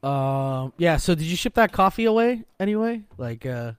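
A man's voice: a little high, very animated, moderate pace, clear, resonant tone, no echo, studio quality. A man co-hosting a casual podcast, talking bluntly and swearing freely. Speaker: podcast co-host. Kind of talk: casual chat.

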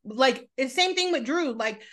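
A woman co-hosting a relaxed podcast chat with a slightly high voice. She tells stories in an animated way, slipping into quoted lines along the way. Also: a little slow. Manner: animated storytelling with acted-out quotes. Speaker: podcast co-host. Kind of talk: casual chat.

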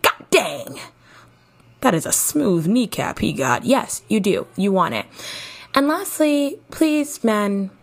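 A young woman hosting a casual advice podcast, chatty and playful like a big sister, a little tired. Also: on the low side. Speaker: podcast host.

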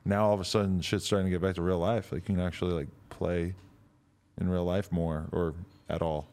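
A man's voice: sits low, level tone, brisk, darkish tone. A man hosting a casual podcast interview, rambling and swearing, laughing often. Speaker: podcast host.

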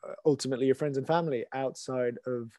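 Mellow-voiced man, dry and off-mic. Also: mid-range voice, fairly even intonation, quick pace, no echo. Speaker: podcast co-host. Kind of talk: casual podcast chat.

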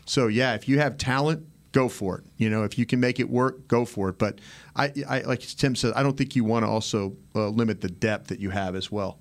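A man's voice: mid-range voice, fairly even intonation, brisk. A man hosting sports talk radio, speaking casually and emphatically, often restarting his sentences. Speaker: sports radio host, former team executive.

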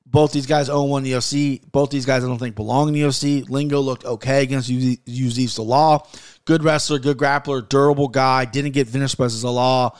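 A man's voice: medium pitch, fairly even intonation, brisk. A man in his thirties hosting a casual podcast, ranting with plenty of swearing and then giving fight betting picks. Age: 30s. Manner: heated, profane, rambling.

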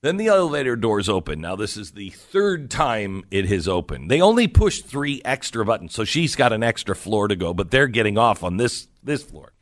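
A man's voice: on the low side, a bit bright, no echo, clean studio sound. A middle-aged man hosting a talk radio show, telling a story and acting out the quotes as he goes.

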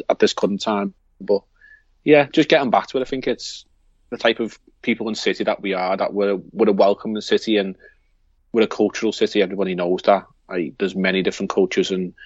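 A man's voice: lowish voice, no room sound, dull audio. A man with a Liverpool accent co-hosting a podcast in rambling casual chat, often restarting his sentences. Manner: rambling, hesitant, with frequent restarts and fillers. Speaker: podcast co-host.

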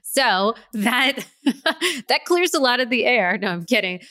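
A woman's voice: on the high side, lively intonation, slow, bright, forceful tone, no room sound. A woman hosting a podcast, speaking with enthusiasm and reading out a sponsor discount. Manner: enthusiastic, promotes a sponsor code. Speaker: podcast host. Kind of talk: casual podcast interview.

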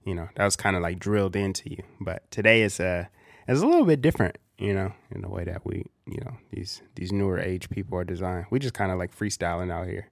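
Low-voiced reflective man. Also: fast talker, creaky, dry recording, clean studio sound. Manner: reflective, filler-heavy. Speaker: podcast co-host. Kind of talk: casual chat.

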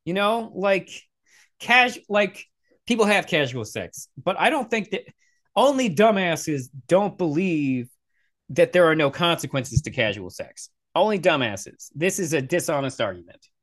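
A young man giving blunt, sarcastic reaction commentary, swearing freely and talking in quick restarts. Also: a little high. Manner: blunt, profane, sarcastic, animated. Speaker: commentator reacting to video clips.

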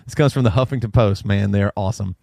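A man's voice: lowish voice, fast talker, vocal fry, a little mellow. A man hosting a casual podcast, reading a news story aloud and often breaking into laughter. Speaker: podcast host.

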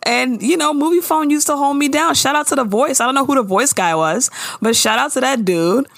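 A woman's voice: high voice, brisk, gravelly, dry recording. A woman co-hosting a podcast, recapping a show in casual, slangy, laughing conversation. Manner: animated, laughing, slangy storyteller. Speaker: podcast co-host.

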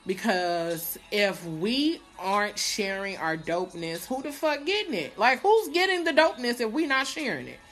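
A woman's voice: medium pitch, sing-song, normal speed, few pauses, a bit bright. A woman hosting her podcast on a live stream, chatting casually and playfully, cursing and laughing as she talks. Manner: chatty, playful, swears freely, laughs often. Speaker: podcast host.

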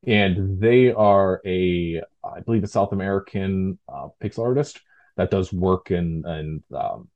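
A man's voice: sits low, darkish tone, dull audio. A man talking casually as an interview guest, rambling with fillers and restarts. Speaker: guest, tabletop game designer.

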